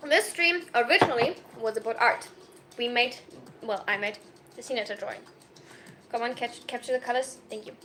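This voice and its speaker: Woman in her twenties, bright sharp voice, giggles and rambles, talking into a phone. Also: a little high, moderate pace, a little hiss or hum. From Germany. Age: 20s. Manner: excitable, giggly, rambling with self-mocking jokes. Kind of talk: casual chat.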